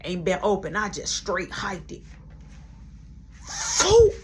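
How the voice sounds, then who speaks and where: A young woman telling a story in casual chat, animated and acting out the voices of everyone involved. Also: fairly low pitch, moderate pace, slight background noise. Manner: animated, acts out every voice, laughs along.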